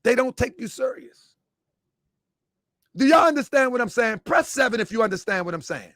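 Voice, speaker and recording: High-voiced man mocking in lively commentary. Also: moderate pace, dry recording. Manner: mocking, laughs often, rhetorical questions. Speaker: online commentator.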